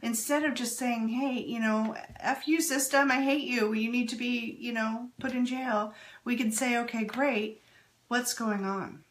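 Earnest woman giving a spiritual talk, kinda high voice, lots of questions back at the listeners. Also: steady tone, unhurried. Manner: earnest, emphatic, with rhetorical questions. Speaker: spiritual teacher.

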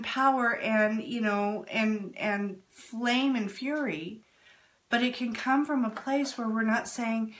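A woman giving an earnest, emphatic spiritual talk to her audience, full of rhetorical questions. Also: a little high. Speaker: spiritual teacher.

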